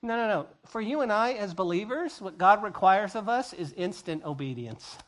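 A male pastor preaching a sermon, acting out scenes as quick dialogue and repeating key phrases for emphasis. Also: high-pitched, expressive, fairly bright tone.

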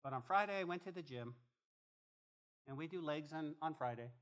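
A man preaching a sermon as pastor, emphatic and animated, often repeating phrases as he drives a point home. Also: on the high side, normal speed. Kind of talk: expository sermon.

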